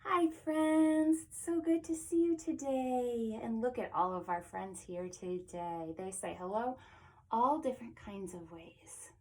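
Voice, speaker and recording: A woman reading a picture book aloud to young children, animated and sing-song, sometimes dropping into soft whispers. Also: medium pitch, measured pace. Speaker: children's librarian. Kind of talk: storytime read-aloud.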